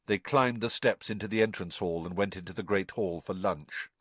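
A man reading an audiobook with expressive storytelling. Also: low voice, normal speed, hardly any pauses, no room sound. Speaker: narrator.

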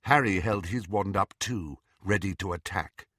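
A man narrating an audiobook in an expressive, dramatic reading. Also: sits low, normal speed, dry recording, studio quality. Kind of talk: scripted narration.

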